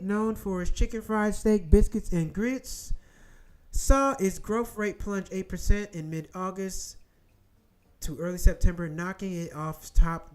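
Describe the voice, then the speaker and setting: A high-pitched man rants his way through the news. His delivery is animated and profane, and he keeps circling back to repeat his points. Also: clean tone. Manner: animated, profane, repetitive rant. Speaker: commentary channel host. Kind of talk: ranting commentary, reading headlines.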